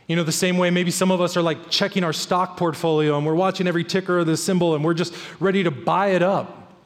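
A man's voice: sits high, steady tone, fast talker, long reverb tail. A man preaching a sermon to his church as pastor, emphatic and repeating key phrases for weight.

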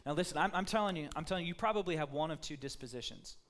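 A man preaching a sermon in a lively, conversational way. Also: fairly high pitch, racing. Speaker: pastor.

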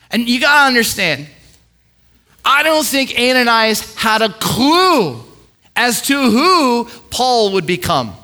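Bright-voiced preacher man telling stories. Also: very high-pitched. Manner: animated storyteller, swings from hushed to loud; repeats words, quick asides. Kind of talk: sermon with storytelling.

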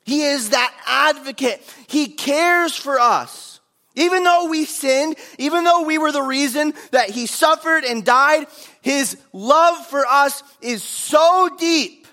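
A man's voice: very high-pitched, takes it slowly, pushed and bright. A man preaching a sermon, earnest and emphatic, driving points home through repetition.

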